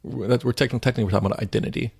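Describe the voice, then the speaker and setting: A man's voice: mid-range voice, fairly even intonation, racing, vocal fry, darkish tone, breathy edge. A man co-hosting a faith podcast, retelling stories in a rambling, casual way with lots of "like.". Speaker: podcast co-host.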